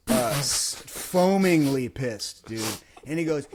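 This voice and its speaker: Animated man telling a story. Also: mid-range voice, takes it slowly, noisy background. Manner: animated storyteller who acts out voices. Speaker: podcast host. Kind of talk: casual storytelling chat.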